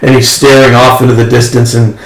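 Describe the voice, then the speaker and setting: A man's voice: mid-range voice, level tone. Man narrating a tabletop game, echoey. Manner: halting, many restarts. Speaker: game master. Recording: echoey room, faint noise.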